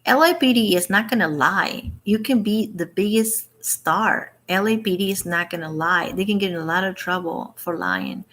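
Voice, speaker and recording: A woman's voice: mid-range voice, normal speed, few pauses, fairly bright tone. A woman talking in a casual opinion vlog, indignant and rambling, restarting her sentences and quoting others. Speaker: vlogger.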